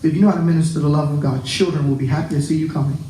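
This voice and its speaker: A pastor preaching a sermon to his congregation, animated and joking with them. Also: on the high side, very fast, reverberant, a little hiss or hum, poor audio. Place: church.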